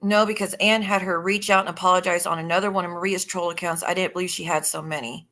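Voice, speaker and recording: A woman chatting on a casual live stream with a bright, forceful voice. She talks bluntly and swears freely, reacting to messages and greeting her viewers. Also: fairly low pitch, fairly even intonation, fast. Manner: blunt and profane, chatting with viewers while scrolling. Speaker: livestreamer.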